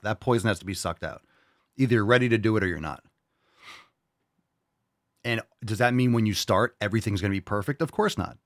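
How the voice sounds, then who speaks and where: A man's voice: medium pitch, dry recording, clean studio sound. A man hosting a show and answering listener questions, giving a blunt, profane motivational rant. He mocks people in whiny put-on voices.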